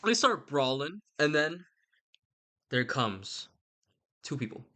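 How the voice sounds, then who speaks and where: A man's voice: a little high, big pitch swings, slow pace, pushed and bright. A young man giving a rambling, casual retelling of a story, irreverent and slangy, swearing and interrupting himself. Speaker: channel host.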